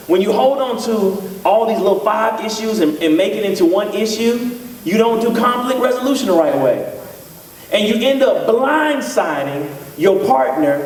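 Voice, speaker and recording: A man's voice: a little high, darkish tone, recorded from a distance. A man, a psychologist, giving a humorous talk to couples in a church, acting out the lines of both partners in his stories. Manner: storytelling, acts out dialogue in voices. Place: church hall. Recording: echoey church hall, mic from afar, audience. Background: laughing audience.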